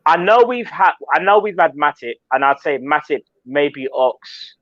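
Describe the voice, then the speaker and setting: A man's voice: fairly high pitch, animated, a little slow, fairly bright tone, dry recording. A man co-hosting a casual live-stream chat, thinking aloud and hedging his opinions. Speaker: co-host. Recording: dry, dull lo-fi audio.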